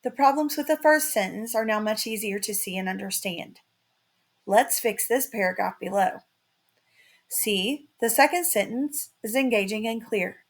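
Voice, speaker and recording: A woman teaching a writing lesson in a slow, carefully read-out, scripted delivery. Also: medium pitch.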